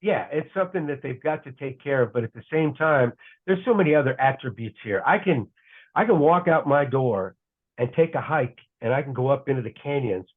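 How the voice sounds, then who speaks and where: A middle-aged man talks through a tinny, phone-like line at an everyday pitch. He wanders through his stories and keeps catching and fixing his own words mid-sentence. It's an easy podcast chat. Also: lively intonation, fairly quick. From United States. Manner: rambling, self-correcting anecdotes. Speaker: guest broadcaster. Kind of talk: casual podcast storytelling.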